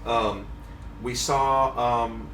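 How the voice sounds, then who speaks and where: A man in casual talk, telling stories at an easy, halting pace with a mid-range voice. He sits a little away from the mic in a roomy, echoing space. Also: medium pitch, steady tone, a bit bright, a little hiss or hum. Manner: chatty, storytelling, hesitant pauses. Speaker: fishing magazine editor, guest. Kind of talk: casual chat. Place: fishing trade show. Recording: echoey, distant mic.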